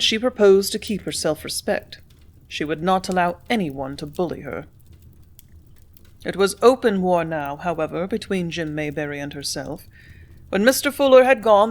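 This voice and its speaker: A woman narrating a classic novel as an audiobook. Her reading is steady and clear, with a mid-range voice. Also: mid-range voice. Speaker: audiobook reader.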